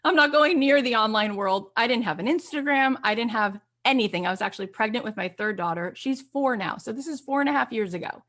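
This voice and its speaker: A woman's voice: on the high side, expressive, fast talker, hardly any pauses, fairly bright tone. A woman hosting an online course, talking casually to camera and telling her story in a chatty, upbeat way. She acts out the lines she quotes.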